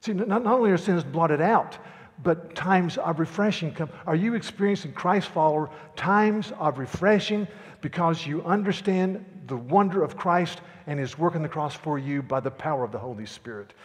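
A male pastor preaching a sermon, emphatic and repetitive, building to loud declarations. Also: fairly high pitch, normal speed, long reverb tail.

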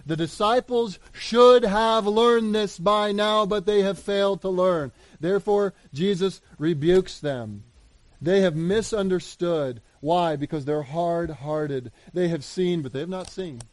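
Male pastor with a high voice, preaching earnestly, dry close sound. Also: slow pace, no echo. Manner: earnest preaching, swings between loud appeals and hushed asides. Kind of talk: sermon.

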